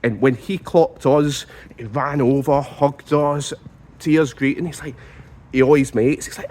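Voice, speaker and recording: A man with a Scottish accent telling a comic story as a monologue, animated and stumbling over repeated words in mock outrage. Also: mid-range voice, unhurried.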